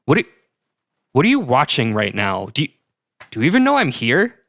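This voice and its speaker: A man impersonating an awkward, deadpan male interviewer who stammers politely. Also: medium pitch, fairly quick, creaky, no echo, clean studio sound, heavily acted. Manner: hesitant, deadpan.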